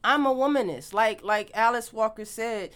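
A woman's voice: a little high, normal speed, a bit bright, clear, resonant tone. A woman in casual chat, talking emphatically and animatedly, swearing freely.

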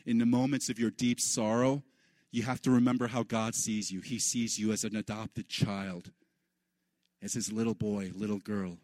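A man preaching a sermon in an animated way, his voice leaping up high for the lines he quotes. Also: moderate pace, dry recording. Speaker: pastor.

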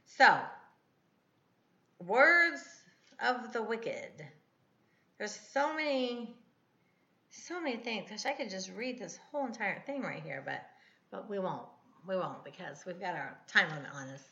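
A woman's voice: medium pitch, animated, unhurried, pauses often, bright, forceful tone, echoey room, dull audio. A woman in her fifties, a podcast host rambling and correcting herself in a casual devotional talk. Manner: chatty, rambling, self-correcting.

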